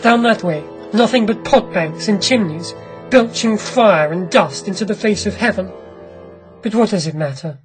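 A woman's voice: mid-range voice, normal speed, soft background music, close to an everyday voice. A woman doing a brooding, uneasy young man. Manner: uneasy, quiet. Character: brooding bitter young man, anxious lover.

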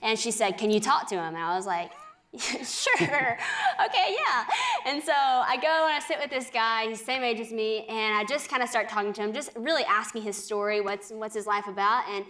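A young woman tells her faith story as a guest on a televised talk show. She speaks earnestly and conversationally, tossing in frequent "like"s, with a voice that sits on the higher side. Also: fairly bright tone. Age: young adult. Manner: earnest, chatty, many "like"s, quick laughs. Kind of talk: faith testimony in a TV interview.

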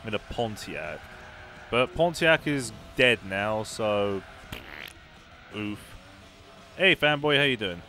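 A man casually commentating on a racing game he is playing, chatty and sarcastic, reacting out loud to the race. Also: lowish voice, expressive, slow pace, pauses often, a little hiss or hum. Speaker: gaming YouTuber.

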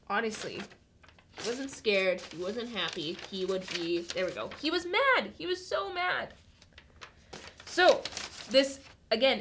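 A woman telling a Bible story to children in a chatty, animated way, speaking straight to a camera. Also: fairly high pitch. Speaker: children's church teacher. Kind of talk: Bible story lesson for kids. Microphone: camera in front of her.

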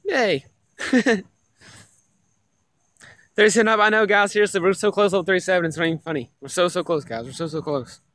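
Excitable young man streaming a mobile game. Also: high-pitched, racing, hardly any pauses, dry recording. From Tennessee. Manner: excitable, repeats himself, addresses chat as guys. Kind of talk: casual live-stream gaming chat.

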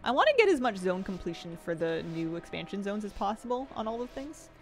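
A game streamer talks casually on a live stream in a voice of middling pitch. They chatter and giggle easily and read out chat as they go. Soft game music plays faintly underneath. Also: big pitch swings, fairly quick.

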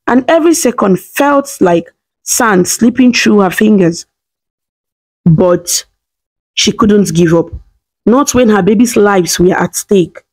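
A woman reading a scripted story in a steady, dramatic way. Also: mid-range voice.

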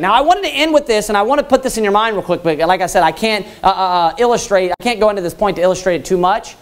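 High-pitched preacher man, fiery cadence. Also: animated. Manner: reads scripture in a loud preaching cadence, drawn out; quick casual asides with fillers between readings. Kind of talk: fiery shouted sermon.

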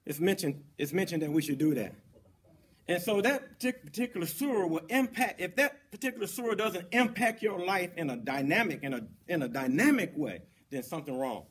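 A man serving as imam, giving a Friday sermon in a mosque, emphatic and repetitive, rising for stress and then dropping low. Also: lively intonation, brisk, a little hiss or hum.

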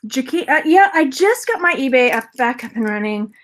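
A woman reseller vlogger talks through a thrift jewelry unboxing in a relaxed, rambling way. Her voice sits a little high, and she laughs often and chats with her viewers as she goes. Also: normal speed. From Texas. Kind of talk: casual unboxing haul chat.

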